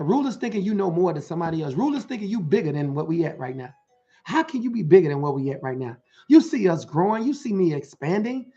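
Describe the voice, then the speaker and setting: A man with a gravelly, rough-edged voice preaches motivation to his listeners in rhythmic, rhyming bursts. He keeps asking them whether they are following along. The sound is dull and lo-fi, with faint music underneath. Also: sits high, darkish tone. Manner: rhythmic, rhyming phrases with frequent calls to listeners. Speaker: motivational preacher and life coach. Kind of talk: motivational preaching to an online audience.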